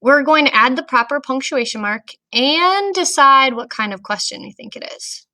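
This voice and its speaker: Bright-voiced woman teaching grammar. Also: sits high, animated, moderate pace, poor audio. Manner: clear, patient, talks to young students. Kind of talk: recorded grammar lesson for children.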